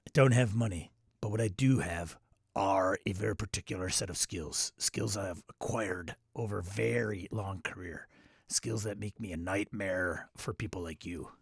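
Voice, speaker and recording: A man's voice: vocal fry, husky, no room sound, studio quality, exaggerated voice. A man doing a cold, menacing action-movie hero. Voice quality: low, slow and deliberate delivery.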